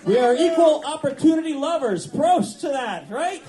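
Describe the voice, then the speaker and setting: A man emceeing a live club concert, playful and energetic as he leads the crowd, with a loud live band behind him. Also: very high voice, moderate pace. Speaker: singer and emcee. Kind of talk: live stage banter with crowd. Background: live band music.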